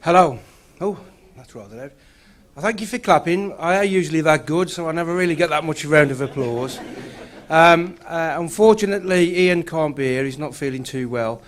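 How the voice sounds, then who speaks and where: A man's voice: a little high, a little fast. Black Country man giving a speech. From Bilston, West Midlands England. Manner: self-deprecating, earnest, upbeat. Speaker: councillor speaker. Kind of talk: conference speech. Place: conference room.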